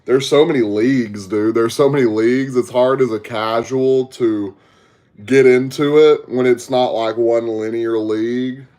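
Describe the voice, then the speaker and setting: A man's voice: mid-range voice, fairly even intonation, unhurried, a little mellow. A young man from Texas with a Southern accent, hosting a podcast livestream and chatting casually with viewers through a headset mic. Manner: laid-back, slangy, talks to chat. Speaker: podcast host.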